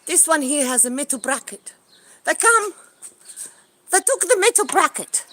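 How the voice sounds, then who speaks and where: A woman ranting angrily and swearing as she films a phone livestream outdoors in a backyard, swinging between loud outbursts and low mutters. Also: very animated, normal speed. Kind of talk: agitated livestream rant. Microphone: handheld phone.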